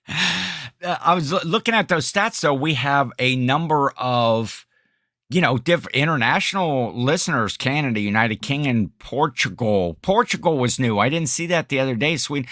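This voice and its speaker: A man's voice: medium pitch, bright, forceful tone, dry recording. Rambling middle-aged man with a dry sound. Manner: rambling, laughs often, self-correcting. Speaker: podcast co-host. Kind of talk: casual chat.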